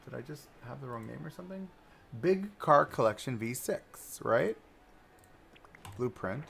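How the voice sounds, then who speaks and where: A man live-streaming a park-building game, chatting and thinking aloud as he browses and places items, swinging between excited outbursts and low mutters. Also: a little slow, gravelly, a little hiss or hum. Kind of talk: casual live-stream commentary while building.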